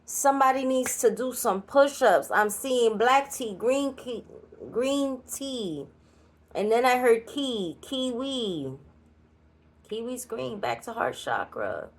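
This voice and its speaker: Recorded solo, this woman reads cards in a channeled session, talking in a chatty, blunt way with a New York Puerto Rican accent and laughing asides. She's expressive, on the high side, and takes her time.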